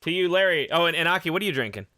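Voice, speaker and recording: A man's voice: on the high side, racing, dry recording. A man hosting a casual live-stream podcast, joking and reading out viewers' names and donations. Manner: animated, jokey, reads chat names aloud. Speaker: podcast host.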